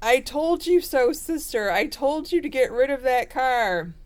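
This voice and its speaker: A woman's voice: high voice, lively intonation, a little slow, pitched above the performer's own voice. A woman voicing an exasperated sibling who scolds a brother or sister in an emphatic told-you-so way. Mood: smug scolding.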